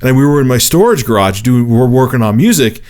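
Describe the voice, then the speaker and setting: A man in his thirties tells a personal story straight to camera. His voice sits at a middling pitch, and he swears a lot and gets animated while spinning the tale. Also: fast. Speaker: vlogger.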